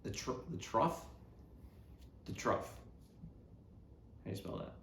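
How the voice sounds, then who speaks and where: This man hosts a laid-back comedic podcast, speaking slowly in a fairly bright voice. He rambles, leans on sarcasm, and keeps breaking off his own thoughts. There's a roomy sound and a little background noise.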